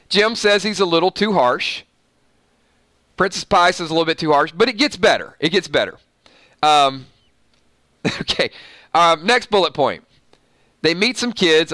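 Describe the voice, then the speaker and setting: Bright, laughing male recap host. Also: on the high side, no room sound. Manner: laughing often, sarcastic asides. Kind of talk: casual TV recap reading from an article.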